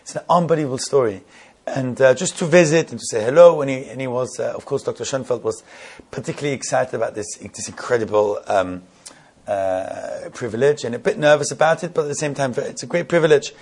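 A man telling a story in a sermon, halting and repeating words, building to emphatic questions. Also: mid-range voice, darkish tone, husky.

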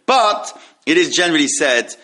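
A man giving a halacha class, reading Hebrew passages quickly and then explaining them in English, often repeating himself. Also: on the high side, big pitch swings, bright, forceful tone. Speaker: Torah teacher.

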